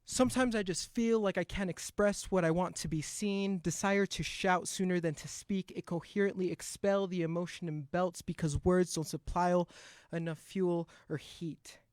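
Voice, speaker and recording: A man's voice: high voice, steady tone, moderate pace, no echo. A man performing an impassioned, rhythmic spoken word poem at a live open mic, into a stage mic. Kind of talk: spoken word poetry recital.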